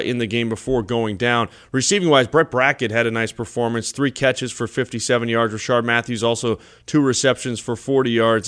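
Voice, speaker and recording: Brisk male radio sports host. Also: mid-range voice, a bit bright, clean tone. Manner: brisk, stat-reading delivery. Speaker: play-by-play host. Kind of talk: radio postgame show hosting.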